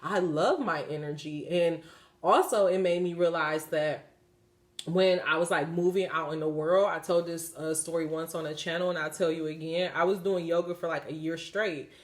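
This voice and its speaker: A woman's voice: low voice, steady tone, normal speed. A woman giving a spiritual card reading, switching between reading card texts and chatty asides full of "like". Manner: chatty, leans on "like" fillers when speaking off the cuff. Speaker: oracle card reader.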